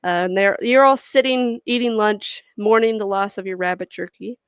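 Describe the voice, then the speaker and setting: A woman's voice: mid-range voice, normal speed, smooth, dry recording. A woman narrating and ruling as dungeon master in a casual tabletop game, explaining with loose fillers. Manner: relaxed explaining, many fillers.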